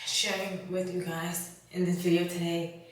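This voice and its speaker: Slow, halting woman in an echoey room. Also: on the low side, flat delivery. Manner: halting, emotional, with sighs and fillers. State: tight throat, holding back emotion. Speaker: YouTuber. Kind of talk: confessional vlog talk. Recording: very echoey room, voice far from mic.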